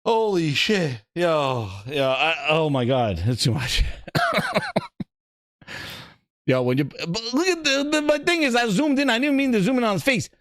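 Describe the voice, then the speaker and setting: A man hosting a live gaming stream, reacting with loud laughter, swearing and repeating himself. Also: high voice, measured pace, no echo, studio quality. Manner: excitable, laughing, profane, repetitive.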